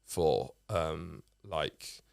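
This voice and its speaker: A man's voice: a bass voice, expressive, drawn-out words, gravelly, dry recording, clean studio sound. A man, a comedian guest telling a rambling story in casual chat, with many restarts and casual swearing.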